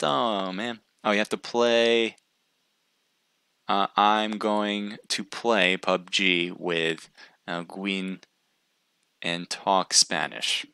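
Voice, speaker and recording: A man's voice: low voice, slow, sharp tone, smooth, dry recording. A man casting a live stream, chatting casually with viewers and thinking aloud with frequent restarts. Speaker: livestream caster.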